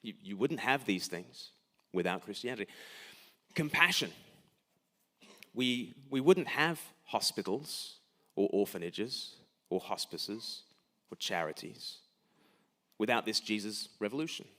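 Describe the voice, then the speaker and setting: A man's voice: lowish voice, animated, measured pace, bright, forceful tone. Emphatic male preacher. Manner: emphatic, rhetorical questions, repeats words when starting sentences. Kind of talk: sermon. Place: church.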